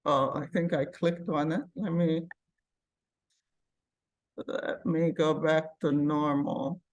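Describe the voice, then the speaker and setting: Slow, patient woman teaching a computer class. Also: deep voice, fairly even intonation. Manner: patient, thinks aloud while clicking. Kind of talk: live classroom software demonstration.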